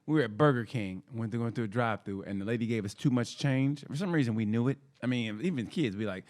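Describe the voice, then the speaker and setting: A man in his fifties, co-hosting a comedy podcast, telling childhood stories in a profane, animated way with sound effects. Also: mid-range voice, quick pace. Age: 50s. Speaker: podcast co-host. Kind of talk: casual comedic storytelling.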